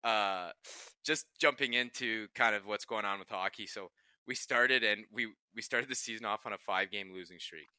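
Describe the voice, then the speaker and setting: Man, young adult, lowish voice, very bright tone, dry close sound, casual profane storytelling. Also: moderate pace, clean tone, no echo. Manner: profane, laughing anecdotes. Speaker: podcast co-host, pro hockey player.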